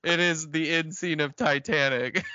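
A man's voice: fairly high pitch, takes it slowly, dry recording, highs cut off. A man co-hosting a casual chat, joking and acting out lines from a film's plot with laughs. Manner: lively, jokes and acts out lines with laughs. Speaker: podcast co-host. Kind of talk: casual movie recap chat.

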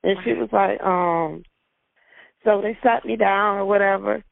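A woman's voice: mid-range voice, steady tone, measured pace, vocal fry, noisy background. A woman recounting a personal ordeal in an interview, emotional, repeating herself and acting out the dialogue. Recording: tinny phone-like sound, dry.

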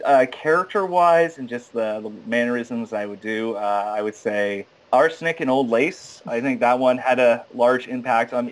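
A young actor chats in an interview and rambles freely. He stops and restarts often and fills the gaps with fillers. His pitch sits in a middle range for a man. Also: poor audio. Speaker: stage actor guest. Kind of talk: casual interview.

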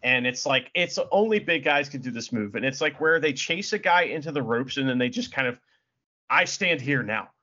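A man's voice: mid-range voice, lively intonation, brisk, hardly any pauses, pushed and bright, dull audio. A man co-hosting a podcast, rambling with many fillers and plenty of enthusiasm. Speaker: podcast co-host. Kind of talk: casual chat.

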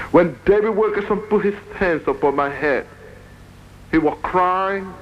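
A man telling his testimony as a sermon, earnest and halting, repeating his phrases for weight. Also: sits high, highs cut off, a little hiss or hum. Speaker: speaker giving a testimony.

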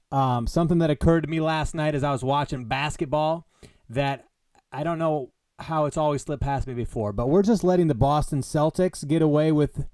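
A man's voice: mid-range voice, dark tone, no echo, studio quality. A man hosting his own comedy podcast solo, rambling in a joking, mock-grandiose way. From American Midwest. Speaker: podcast host. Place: Des Moines. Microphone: headphones on, home podcast mic.

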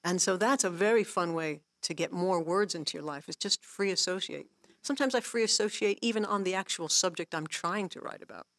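Woman songwriter and teacher, slight fry in the voice, chatty and animated, laughs easily. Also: lowish voice, a little fast, no echo, clean studio sound. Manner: animated storyteller, acts out her own inner voice; laughs often while explaining. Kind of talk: casual workshop talk.

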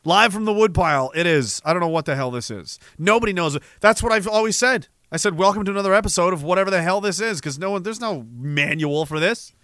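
A young man rambling comedically to a live audience in a profane, animated way, reading viewer messages and breaking into sudden shouts. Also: high voice, quick pace, few pauses, dry recording, studio quality. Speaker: live streamer.

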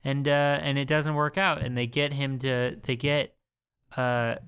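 Laughing podcast host with a smooth voice. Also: male voice, mid-range voice, steady tone, measured pace, a bit bright. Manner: laughs often, playfully prods his co-host. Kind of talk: casual chat.

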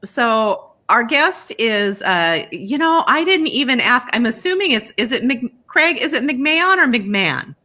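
A woman's voice: a little high, expressive, a little slow, hardly any pauses, bright, forceful tone. A woman hosting a podcast, chatting casually and upbeat over a video call. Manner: chatty, upbeat, laughs often. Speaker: podcast host. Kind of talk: casual chat.

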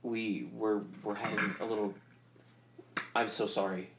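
A man playing a tabletop game, talking haltingly with many ums. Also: fairly low pitch, level tone, roomy sound, background noise. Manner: halting, hesitant, full of ums. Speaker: player. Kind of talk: tabletop role-play.

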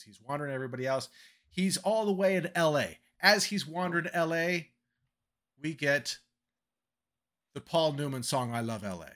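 A man with a bright, tense edge to his voice talks loosely in a casual chat. He rambles and laughs at himself, his pitch sitting a touch above average. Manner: rambling, self-deprecating, laughing often. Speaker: podcast co-host.

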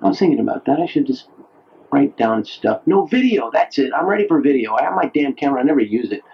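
A man talking late at night into his own audio diary, musing and self-mocking, pausing and leaning on certain words as he speaks to an imagined radio audience. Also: mid-range voice, lively intonation, vocal fry, slightly rough. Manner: musing and wry, pauses and leans on certain words. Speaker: maker of a personal audio diary tape. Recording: dull lo-fi cassette tape recording.

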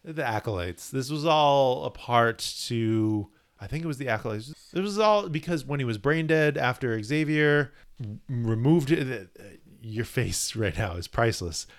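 A man's voice: medium pitch, lively intonation, normal speed. A man co-hosting a casual comic book podcast, eagerly explaining story details and laughing often. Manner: enthusiastic, explains lore with laughs. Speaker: podcast co-host.

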